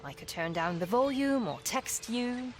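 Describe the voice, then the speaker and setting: A woman's voice: a little high, animated, measured pace, noisy background. An actress playing a wry young woman in a video game, speaking in a dry, offhand way. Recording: game audio over music.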